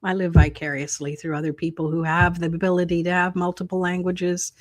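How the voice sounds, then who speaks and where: A woman's voice: lowish voice, flat delivery, a little fast. A middle-aged woman hosting a tarot live stream, chatting casually, laughing often and reading viewer comments aloud.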